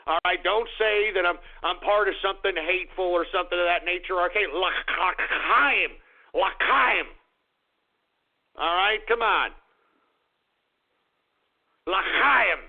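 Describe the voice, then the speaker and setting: A man hosting a radio show in a comedic on-air rant, excitable and profane, swinging between muttering and shouting. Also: high-pitched. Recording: tinny phone-like audio.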